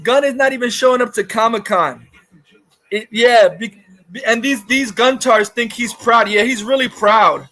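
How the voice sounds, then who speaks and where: High bright-voiced man ranting angrily. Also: moderate pace. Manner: profane, ranting, repetitive; reads chat comments aloud. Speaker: livestream host. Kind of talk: angry livestream rant.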